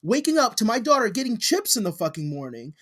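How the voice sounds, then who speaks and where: Podcast co-host, mid pitch, very lively swings in pitch, blunt, swears a lot. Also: fast talker. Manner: blunt, heavily profane. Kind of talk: casual chat.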